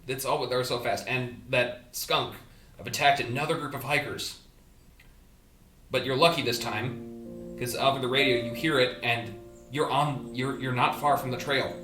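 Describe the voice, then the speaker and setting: A man narrating a tabletop game as game master, animated and laughing as he describes events. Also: medium pitch, moderate pace, echoey room, faint music behind.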